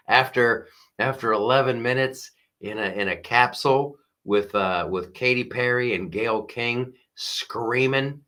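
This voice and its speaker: A man hosting a live stream, joking through the news in animated commentary and putting on quick voices. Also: fairly low pitch. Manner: animated, jokey, mimics voices, laughs often. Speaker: host.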